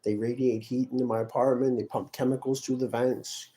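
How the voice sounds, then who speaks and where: A man talking in a rambling, aggrieved personal monologue, weary and often trailing off quietly. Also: mid-range voice, level tone, brisk. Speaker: vlogger.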